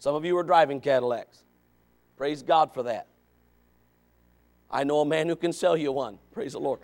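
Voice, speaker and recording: This associate pastor's sermon is folksy and full of jokes, his voice sitting high for a man and his intonation lively. Quiet, low asides give way to loud, shouted appeals to the congregation, punctuated by sudden dramatic emphasis.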